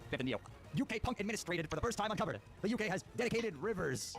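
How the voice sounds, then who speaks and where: A young man playing a video game, reading its text aloud in casual, jokey commentary with sudden loud outbursts over game music. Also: high voice, animated, racing.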